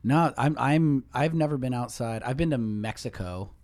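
A young man hosting a podcast in casual chat, animated and jokey, laughing easily. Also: mid-range voice, normal speed, no echo. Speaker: podcast host.

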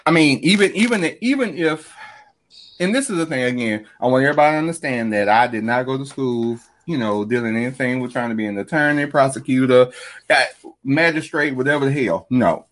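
A man hosting a casual livestream chat, animated, swearing freely and laughing often as he talks to viewers. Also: mid-range voice, a little fast. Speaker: livestream host.

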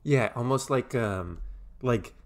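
A man co-hosting a casual film podcast, enthusiastic and rambling, often trailing off into softer asides. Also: medium pitch, slow. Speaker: podcast co-host.

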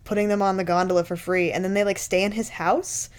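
A woman's voice: mid-range voice, fairly even intonation, quick pace, clean tone. A woman casually recapping a movie for a podcast, sarcastic and profane, laughing often. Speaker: podcast co-host.

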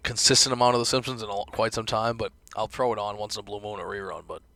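A man's voice: on the low side, fairly even intonation, fast, creaky, bright, forceful tone, dry recording. A man co-hosting a podcast with a dry, teasing manner in crude casual banter. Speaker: podcast co-host.

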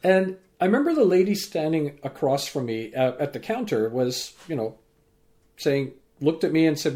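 A man guest on a podcast, a teacher and speaker, telling a story with lively acted-out dialogue. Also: on the high side, fast. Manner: animated, acts out quoted dialogue. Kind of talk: storytelling in an interview.

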